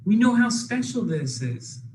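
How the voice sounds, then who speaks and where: A man's voice: high-pitched, sing-song, measured pace, a little mellow, echoey room, voice pushed up. A man voicing young male soldiers who earnestly question their friend, in a told story. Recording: noisy background hiss.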